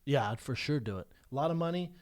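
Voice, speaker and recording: A man co-hosting a podcast in casual chat, joking and quick to riff and tease. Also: mid-range voice, lively intonation. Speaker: podcast co-host.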